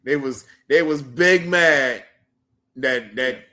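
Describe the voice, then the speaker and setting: A male co-host in casual chat, talking in a loose, halting way and laughing easily. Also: medium pitch, bright, forceful tone.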